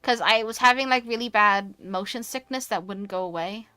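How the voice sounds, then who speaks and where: A British woman chatting casually on a stream, animated and quick to rant, swearing freely. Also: medium pitch, clean tone. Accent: British English. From United Kingdom. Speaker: VTuber streamer. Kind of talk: casual chat.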